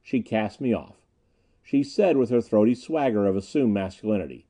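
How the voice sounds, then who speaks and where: A man giving a dramatic, expressive audiobook narration. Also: fairly low pitch, moderate pace.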